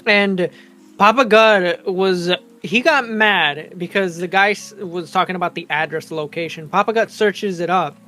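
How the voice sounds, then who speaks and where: A man's voice: high voice, measured pace, pushed and bright, soft background music. Crude, profane man on a podcast. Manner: crude, profane retelling of drama. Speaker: podcast co-host. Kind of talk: casual chat.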